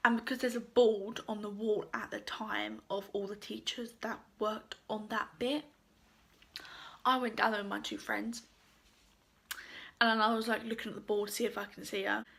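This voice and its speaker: Bright-voiced young woman telling a story. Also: medium pitch, fairly even intonation, normal speed, creaky, slightly rough. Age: young adult. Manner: chatty, lots of fillers and quoted dialogue. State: croaky voice. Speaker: vlogger. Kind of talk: casual storytime.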